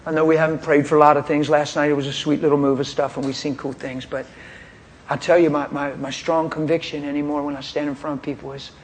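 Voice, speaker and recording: Guy preaching, talks pointed and straight, slightly high voice, faint hiss behind. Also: fast. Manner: pointed, straight-talking, animated storytelling. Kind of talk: sermon testimony.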